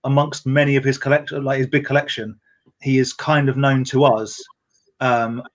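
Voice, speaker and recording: A man's voice: medium pitch, level tone. A man co-hosting a toy collectors' live show over a video call, teasing and joking in casual banter. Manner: quick, jokey, teasing.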